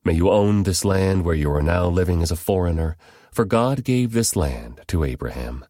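A man reading the part of an old blind father giving a solemn blessing, measured and grave. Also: low-pitched, animated, warm tone, dry recording, clean studio sound.

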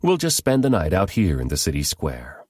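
A man voices commanding angels giving urgent warnings in a scripture reading. The voice is low and firm. The sound is close and dry. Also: wildly swooping pitch, normal speed, darkish tone, slightly rough, dry recording, heavily acted.

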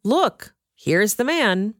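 A woman's voice: mid-range voice, big pitch swings, extremely slow, dry recording, clean studio sound, pitched above the performer's own voice. A woman voicing a stern male Roman governor in a scripture reading, questioning sharply. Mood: proclaiming.

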